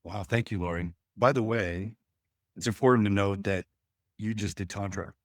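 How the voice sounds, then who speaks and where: A man with a lowish voice coaches couples before a live audience. He talks in a folksy way and slips into little acted-out exchanges. The sound is dry and close. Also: steady tone, moderate pace, dry recording. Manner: folksy, acts out quoted dialogue. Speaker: relationship coach. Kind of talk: workshop talk to a live audience.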